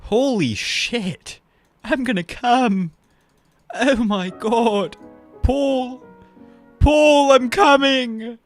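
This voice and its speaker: A young man streaming casually, swearing and laughing in excitable chat. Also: very high-pitched, drawn-out words, faint music behind.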